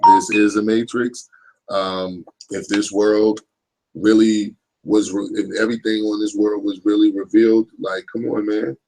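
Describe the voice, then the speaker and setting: A livestream host in his thirties rambles through a casual monologue in a loose, profane style, constantly asking "you know what I'm saying" to check in with listeners. His voice sits on the low side, level, unhurried and a little mellow. The audio is poor, with faint music behind him.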